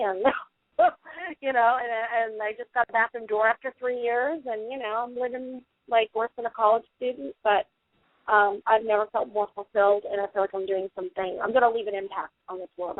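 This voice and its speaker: A middle-aged woman, a paranormal investigator, telling long animated stories as a guest in a radio interview. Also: on the high side, dry recording. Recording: tinny dry phone line.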